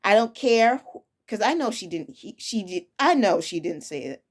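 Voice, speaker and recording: Speaking at a normal speed in an animated, medium-pitched voice, a young preschool teacher tells personal stories casually and frankly. Her tone is firm, and she restarts and corrects herself often.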